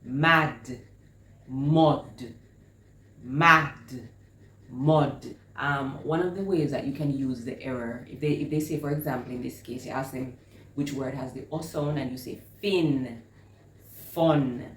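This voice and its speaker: A woman's voice: extremely low pitch, moderate pace, a little mellow. A woman host teaching reading, explaining step by step and drawing out and repeating each sound she models. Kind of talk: instructional explanation. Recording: echoey room with faint noise.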